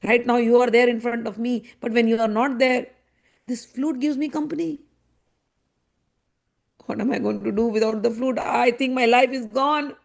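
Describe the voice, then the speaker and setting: A woman's voice: a little high, fairly even intonation, normal speed, creaky. A woman voicing a young male god who pleads tearfully and searches anxiously for his lost flute. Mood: tearful pleading. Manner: pleading, tearful, repeated questions.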